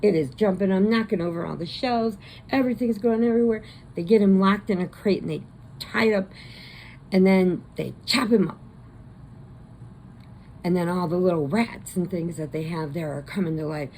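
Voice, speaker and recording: Gravelly low-voiced woman rambling through a story. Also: darkish tone, a little hiss or hum, low-quality recording. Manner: rambling, with quick put-on voices. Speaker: crochet channel host. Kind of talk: casual movie retelling.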